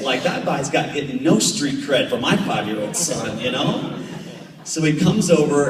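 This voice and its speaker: Casting: thirties man, animated storyteller, recorded from far off in a reverberant hall. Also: mid-range voice. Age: 30s. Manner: chatty, jokey, animated anecdotes. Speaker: Olympic triathlete guest speaker. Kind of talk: storytelling talk to a club. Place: meeting room. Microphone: far camera. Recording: echoey room from far off.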